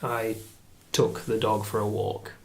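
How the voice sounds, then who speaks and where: A man, a guest in casual podcast chat, telling stories in an animated way with lively asides. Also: on the low side, slow, gravelly.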